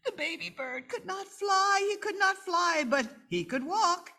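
A woman reading a picture book aloud to children at a live event, animated and talking to her audience. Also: very high-pitched, unhurried. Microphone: microphone.

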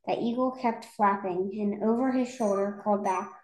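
A woman's voice: medium pitch, normal speed, hardly any pauses, a little mellow. A woman reading a rhyming children's story aloud in a rhythmic, lilting way. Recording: roomy echo.

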